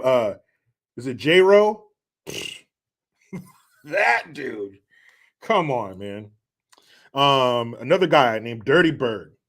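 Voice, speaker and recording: A man's voice: medium pitch, fairly bright tone. A man hosting a casual livestream, rambling and swearing as he answers comments. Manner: profane, rambling, laughs at own jokes. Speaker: livestream host.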